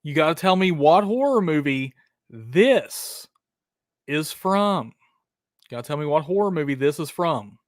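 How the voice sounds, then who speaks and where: Upbeat male streamer hosting live trivia, chatty and pumped, a bit high-pitched, dry close mic. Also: expressive, unhurried, no room sound. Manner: hyped, chatty, calls viewers brother and dude.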